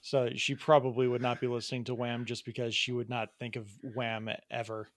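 A man's voice: medium pitch, little pitch movement, fairly quick, no echo. A man from the United States co-hosting a podcast, chatting playfully about a TV show and laughing easily. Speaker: podcast co-host. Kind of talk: casual chat.

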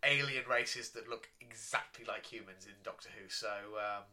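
Bright, animated young man chatting. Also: fairly low pitch, normal speed. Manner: animated, swears freely, laughs often. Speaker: podcast co-host. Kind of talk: casual chat.

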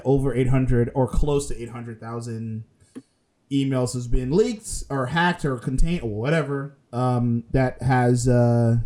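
A man's voice: medium pitch, dark tone. A man co-hosting a casual podcast, rambling and hesitant with lots of fillers and laughter. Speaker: podcast co-host.

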